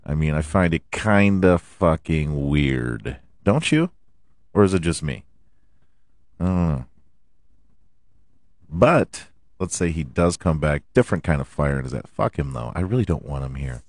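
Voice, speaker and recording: A man hosting a podcast, hoarse from allergies and often clearing his throat, ranting about football with lots of swearing and rhetorical questions. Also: a bass voice, animated, measured pace, darkish tone, no room sound, clean studio sound. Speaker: podcast host. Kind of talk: casual sports rant.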